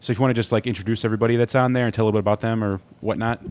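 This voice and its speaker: Fast-talking low-voiced podcast host. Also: male voice, fairly even intonation, a little mellow. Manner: quick, joking, laid-back. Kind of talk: casual podcast chat and ad read.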